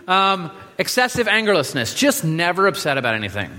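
A man preaching a sermon in a relaxed, joking way, with many fillers and restarts. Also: high-pitched, fairly quick. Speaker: pastor. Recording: reverberant hall.

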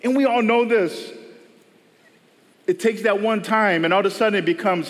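Pastor guy preaching, kinda high voice, chatty, acts out the quotes, big echoey church sound. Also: moderate pace, pauses often. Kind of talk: sermon. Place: church service. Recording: long reverb of a church hall.

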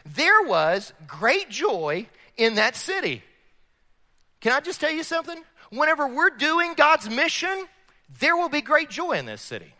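Male pastor, bright and animated sermon delivery in a big echoing sanctuary. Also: high-pitched. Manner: animated preaching, rises and drops in volume. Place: church sanctuary.

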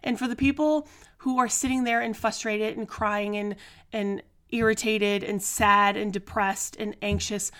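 A woman hosts her own podcast, casually telling family stories solo in a chatty manner, often laughing and using fillers. Her voice is medium-pitched and a bit bright, with fairly even intonation and an unhurried pace.

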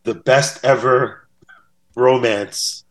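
A man's voice: mid-range voice, steady tone, drawn-out words. A man telling stories as a podcast guest in a casual interview. He acts out quotes in different voices. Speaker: podcast guest, bass-playing fan.

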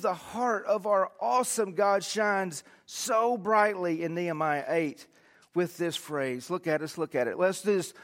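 A pastor preaching a sermon to his congregation, swinging from loud to hushed. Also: sits high, a little slow, long reverb tail.

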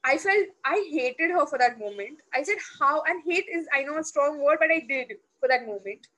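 A woman's voice: high voice, moderate pace, poor audio. A woman, telling personal stories as an interview guest, acting out quoted dialogue in a loose, restarting way. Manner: animated, acts out quoted dialogue; loose, restarting, many fillers. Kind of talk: personal storytelling.

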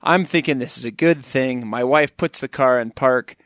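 A middle-aged man telling funny personal stories, with wry asides and sudden high-pitched emphasis. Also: normal speed, fairly bright tone, no echo, studio quality. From Wyoming. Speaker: storyteller. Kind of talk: comic personal storytelling.

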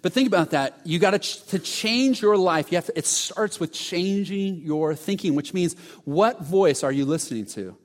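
A man preaching a sermon as pastor, telling a story with sudden drops into a hushed voice. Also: fairly high pitch, normal speed. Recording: reverberant hall.

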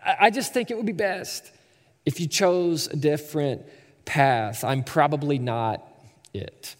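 A man voicing a grieving older widowed woman, gentle and resigned, trailing off softly. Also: on the high side, a little slow, in a large hall, voice pushed down, lightly acted.

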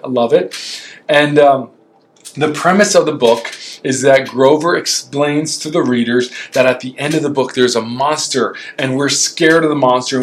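A man in his forties, a pastor giving a short encouraging sermon in a conversational way, often asking "right?". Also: mid-range voice.

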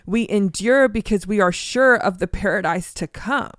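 Measured woman teaching scripture. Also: medium pitch, no room sound, clean studio sound. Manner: measured, reads scripture slowly and deliberately. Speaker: co-host of a Bible teaching podcast.

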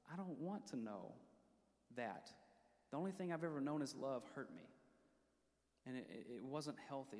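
A man preaching a sermon who leads the congregation in call-and-response, tells stories from his own life, and slows down to read scripture. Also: fairly high pitch, a little mellow. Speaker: pastor. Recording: long reverb of a church hall.

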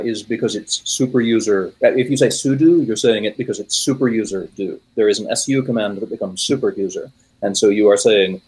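Husky-voiced rambling tech man. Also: lowish voice, a little mellow, poor audio. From United States. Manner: rambling with frequent fillers and self-corrections. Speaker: podcast guest. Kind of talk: casual technical chat.

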